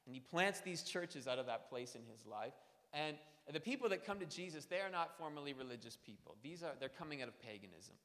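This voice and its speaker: Chatty pastor in a reverberant church. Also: male voice, fairly high pitch, animated, fairly quick, a bit bright. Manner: conversational, storytelling, self-deprecating. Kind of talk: sermon. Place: church sanctuary. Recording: long church hall reverb.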